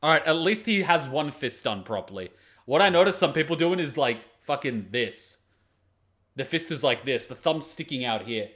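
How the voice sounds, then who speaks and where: A man's voice: a little high, lively intonation, normal speed, fairly bright tone. A man hosting an anime reaction video, giving blunt, profane, mocking commentary on the fight.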